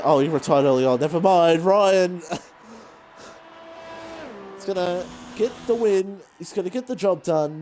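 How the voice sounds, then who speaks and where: A man giving rambling, excitable live commentary on an online racing league, saying he is out of breath. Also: fairly high pitch, slight background noise. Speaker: race commentator.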